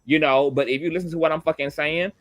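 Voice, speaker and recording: A man's voice: a little high, fairly even intonation, fast, a bit bright, dry recording. Sassy profane man doing gossip commentary. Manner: sassy, calls listeners "girl", profane. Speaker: commentary host.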